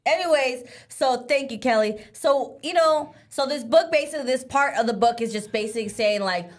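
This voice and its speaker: A young woman co-hosting a casual live show, chatty and animated, full of "like" and quick laughs. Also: high voice. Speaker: co-host.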